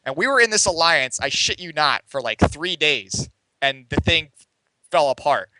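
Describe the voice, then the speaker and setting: As a podcast guest, a young game community writer spins a long, rambling, profane story packed with "like" and "you know." He sounds very animated at a moderate pace, his fairly high voice bright and forceful. The rough recording has no room sound.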